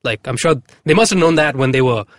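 A man co-hosting a casual podcast, upbeat and rambling, often pausing on fillers. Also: mid-range voice, lively intonation, no echo. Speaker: podcast co-host. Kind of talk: casual chat.

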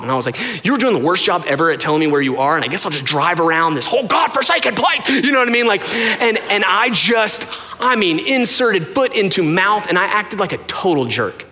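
Bright-voiced man preaching in a hall. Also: on the high side. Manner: casual, rambling, self-deprecating, many fillers. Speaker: pastor. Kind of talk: conversational sermon storytelling. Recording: long reverb of a large hall.

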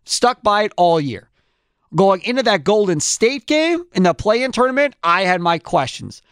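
A man hosting a sports talk show, giving strong opinions in an animated way with quick restarts. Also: high-pitched, smooth, no room sound, studio quality.

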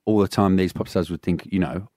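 A man's voice: sits low, fairly even intonation, brisk, dark tone, no echo, clean studio sound. A man hosting a breakfast radio show, joking and teasing his co-hosts. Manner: teasing, jokey. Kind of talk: playful radio banter.

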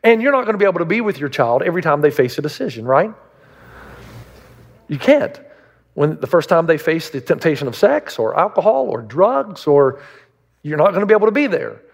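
A man's voice: a little high, very animated, fairly quick, vocal fry. A man preaching a sermon as a pastor, emphatic and full of rhetorical questions. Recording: long reverb of a large hall.

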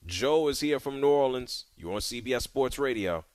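A man hosting a sports radio talk show, talking in a relaxed, conversational way. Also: medium pitch, normal speed.

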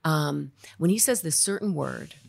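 Actor guest, woman, low gravelly voice, animated candid storyteller. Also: unhurried. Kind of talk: casual podcast storytelling.

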